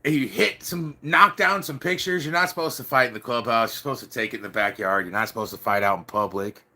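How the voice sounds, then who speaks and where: Slangy storytelling man with a bright voice. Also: medium pitch, fairly quick. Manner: loose, swearing, slangy, acts out quotes. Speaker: vlogger telling stories. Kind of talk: casual storytelling to camera.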